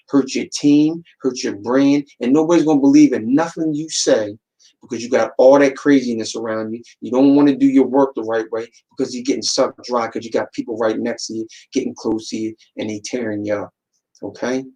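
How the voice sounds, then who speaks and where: A man's voice: medium pitch, mellow, rough recording. Preachy male podcast host. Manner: preachy, repeats words for emphasis, acts out quotes. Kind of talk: casual motivational talk.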